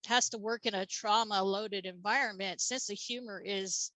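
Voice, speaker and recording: Female interview guest, matter-of-fact storyteller, medium pitch, dry recording. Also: steady tone, moderate pace, sharp tone, no echo, poor audio. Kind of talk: casual interview talk.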